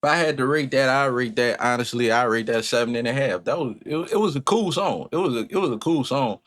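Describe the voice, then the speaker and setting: Mid-range, quick and a bit bright, this male voice belongs to a slightly drunk music-reaction host. He offers announcer-style hellos, then meanders, repeats himself, restarts lines and uses loose slang.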